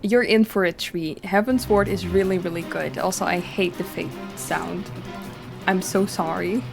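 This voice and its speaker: A woman's voice: lowish voice, steady tone, unhurried, gravelly. A woman streamer chatting casually to her viewers while she plays and reads the game's dialogue aloud, laughing easily. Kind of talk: casual gameplay commentary. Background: game music.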